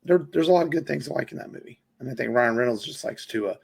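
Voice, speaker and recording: A man with a gravelly, husky voice talks casually on a podcast. He rambles and circles back with plenty of ums and restarts, at an ordinary pitch. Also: animated, fast, a little mellow. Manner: rambling, many fillers and restarts. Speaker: podcast co-host. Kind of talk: casual film chat.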